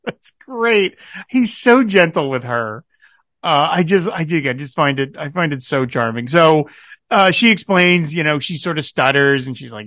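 A man co-hosts a podcast, animated and quick to laugh as he retells scenes and quotes the characters. His voice sits a little high, and the sound is dry and close, with no room around it. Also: dry recording. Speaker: podcast co-host. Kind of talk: casual chat recapping a TV episode.

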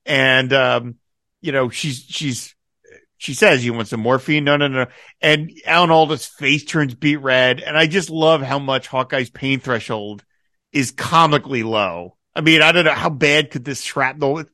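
A man's voice: medium pitch, measured pace, no echo, clean studio sound. A man hosting a casual podcast, enthusiastically recapping a TV episode and acting out lines of dialogue. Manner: enthusiastic, quotes dialogue in animated bursts. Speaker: podcast host.

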